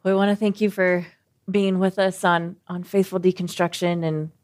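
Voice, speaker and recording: A woman co-hosting a faith podcast, speaking in an earnest, gently reflective way. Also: fairly low pitch, level tone, normal speed. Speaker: podcast co-host.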